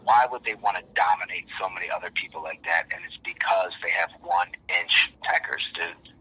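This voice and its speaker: A man's voice: deep voice, steady tone, moderate pace, bright, forceful tone, slightly rough, poor audio. A man on a casual podcast who rambles intensely and restarts his words often. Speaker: podcast guest.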